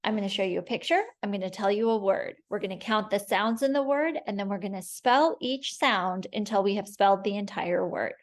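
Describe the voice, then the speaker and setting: A woman teacher leading a phonics spelling lesson, sounding out each word slowly and clearly for young learners. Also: medium pitch. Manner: slow, clear, patient sounding-out of words.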